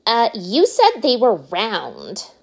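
A woman's voice: fairly high pitch, huge pitch swings, slightly rough, voice pushed up, heavily acted. Woman doing a spoiled, whiny rich girl. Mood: petulant. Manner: petulant, drawn-out.

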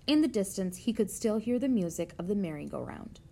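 Woman reading a storybook gently. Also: mid-range voice, animated, fairly quick, creaky. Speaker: narrator. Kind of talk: reading a children's novel aloud.

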